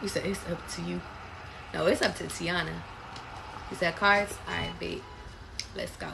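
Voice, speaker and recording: A woman's voice: on the low side, steady tone, moderate pace, gravelly, background noise. A woman reading tarot live for her viewers, blunt and profane, calling them baby. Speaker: tarot reader. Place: away from home.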